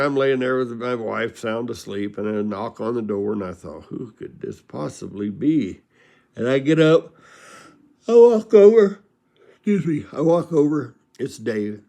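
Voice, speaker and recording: A man's voice: mid-range voice, gravelly. Folksy rambling male storyteller. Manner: folksy, rambling, laughs at his own stories. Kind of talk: casual personal storytelling.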